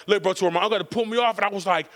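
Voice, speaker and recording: Fast-talking, profane male podcast storyteller. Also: sits high, big-room sound. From California. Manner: loud, profane, animated storyteller. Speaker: podcast co-host. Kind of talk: comedic storytelling chat.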